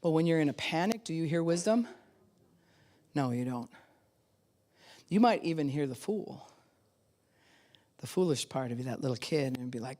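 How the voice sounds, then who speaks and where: A middle-aged woman pastor giving a sermon in a conversational, animated way, acting out quotes and laughing often. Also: low-pitched, moderate pace, pauses often.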